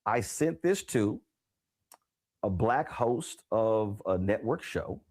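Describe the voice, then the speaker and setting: Brief: US male host, very expressive pitch, retells scenes with voices. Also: slow pace. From United States. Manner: animated storyteller, acts out remembered exchanges. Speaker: talk show host. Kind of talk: interview.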